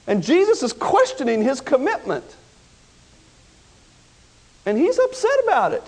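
A man preaching a sermon, retelling a story with dramatic swings between loud outbursts and quiet, hushed lines. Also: extremely high pitch, huge pitch swings, measured pace.

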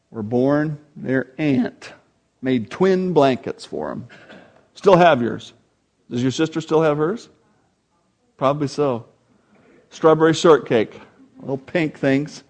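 An older man preaching a sermon as pastor, telling stories with animated delivery and acting out voices. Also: mid-range voice. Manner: animated storytelling, acts out voices; quotes scripture with rising force.

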